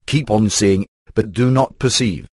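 A computer-generated male voice reading a devotional book aloud, steadily and evenly, pausing to read out verse numbers. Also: lowish voice, darkish tone, breathy edge, no room sound. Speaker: audiobook narrator.

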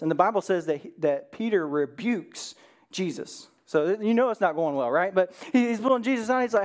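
A pastor preaching in a relaxed, conversational way, with a voice that sits in a middle register. The delivery is earnest and direct. Questions like "right?" come again and again, and the speaker slips briefly into the voices of Bible figures. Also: medium pitch, fairly quick. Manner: earnest, keeps asking "right?" and acts out the Bible figures' lines. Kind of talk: conversational sermon.

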